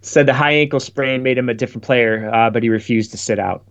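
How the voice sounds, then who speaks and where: A man with an ordinary mid-pitched voice, co-hosting a casual sports stream. He talks fast and loosely and drops dry, sarcastic jokes between points. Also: fairly bright tone, smooth. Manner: quick, wry, sarcastic asides. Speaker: podcast co-host. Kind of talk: casual live-stream chat.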